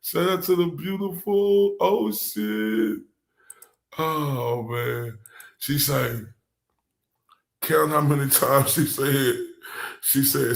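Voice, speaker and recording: A man's voice: mid-range voice, slow pace, gravelly, long pauses. A man hosting a live reaction stream, talking bluntly and profanely, mocking what he hears and talking to his chat.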